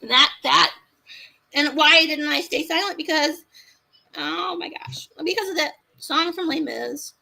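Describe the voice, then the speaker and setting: A woman with a high, bright voice tells her own story as a guest, with fierce, raw feeling. She swings from low, quick asides to loud, cracking outbursts. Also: vocal fry, rough recording. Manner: impassioned, swings from quiet to shouting. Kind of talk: emotional personal testimony.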